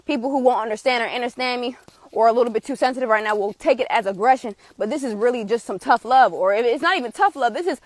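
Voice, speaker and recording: Fiery high-voiced woman tarot reader. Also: quick pace, dry recording. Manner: passionate, forceful preaching with blunt swearing. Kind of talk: live spiritual reading. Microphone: streaming setup.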